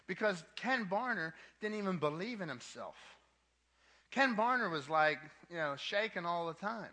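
A man's voice: high-pitched, very animated, normal speed, pushed and bright. A man preaching a sermon to a young adult ministry, emphatic, with casual asides, and repeating his key points twice.

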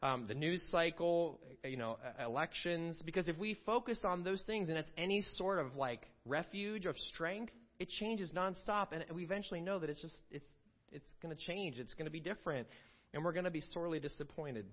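A man's voice: a little high, brisk. A man preaching a sermon in a conversational way, with fillers and asides to the congregation. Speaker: pastor. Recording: dull lo-fi sound.

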